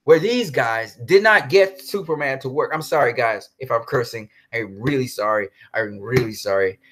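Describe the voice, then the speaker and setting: A man's voice: mid-range voice, moderate pace, fairly bright tone. A man ranting heatedly in a commentary vlog, swearing and then apologizing for cursing. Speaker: commentary vlogger.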